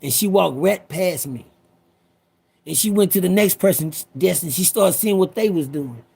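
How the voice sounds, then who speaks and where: A man's voice: high-pitched, lively intonation, moderate pace, vocal fry, darkish tone, slightly rough. A man in his fifties telling a personal story in a rambling, profane way, talking straight to his listeners. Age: 50s.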